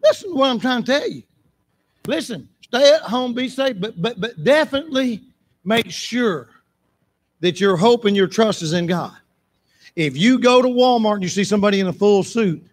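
An impassioned man preaches a sermon in church, repeating phrases for emphasis and breaking into shouts. His voice is high and animated, at a moderate pace.

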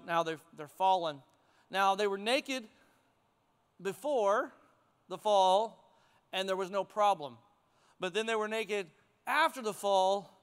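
A middle-aged male pastor preaching a sermon to his congregation in a church sanctuary, in a conversational, animated way with chuckles. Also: sits high, clear, resonant tone. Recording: long hall reverb.

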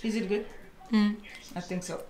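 A woman's voice: mid-range voice, fairly even intonation, normal speed, background noise. A woman filming a casual family vlog, chatty and laughing often as she talks to the camera. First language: French. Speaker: mother and vlogger.

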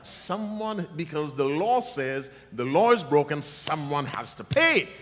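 Animated preacher man in a reverberant hall. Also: on the high side, a little slow. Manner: emphatic, teasing the congregation, sudden loud bursts. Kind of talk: revival sermon. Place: large church hall. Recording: long church hall reverb.

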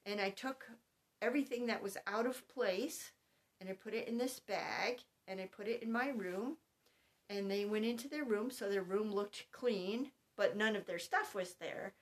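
Calm, methodical middle-aged woman giving advice. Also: medium pitch, normal speed. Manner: calm, methodical, spells things out point by point. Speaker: homeschooling mother giving advice. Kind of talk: instructional talk to parents.

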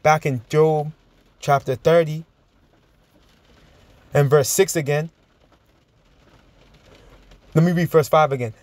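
A man preaching and teaching from scripture, emphatic and chuckling, drawing out verses slowly as he reads. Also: on the high side, fairly even intonation, a little mellow, no echo. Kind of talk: sermon-style Bible teaching.

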